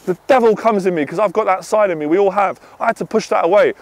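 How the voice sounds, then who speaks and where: A man coaching on dating, talking intensely, swearing and then calming himself down. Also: high voice, fast. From half Irish. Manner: intense, swears, swings from loud to quiet. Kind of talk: passionate monologue to camera.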